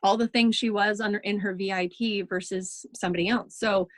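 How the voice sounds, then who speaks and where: A woman's voice: medium pitch, steady tone, brisk, no room sound. A woman leading a team in a casual, chatty training talk over a video call, full of ums and reassurance. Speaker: team leader in direct sales.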